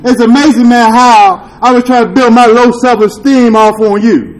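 Man, high voice, recovery meeting testimony, street slang, swears, "you dig?", earnest confession. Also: moderate pace, rough recording. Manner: earnest and confessional, with rueful laughs. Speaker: speaker sharing at a recovery meeting. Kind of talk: candid testimony share.

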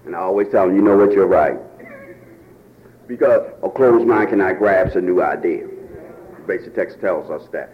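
Man with a Baltimore accent, fiery meeting testimony, shouts and near-tears, lo-fi room recording. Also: sits low, moderate pace, pauses often. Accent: African American Vernacular English, Baltimore. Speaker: recovery meeting speaker. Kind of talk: impassioned testimony.

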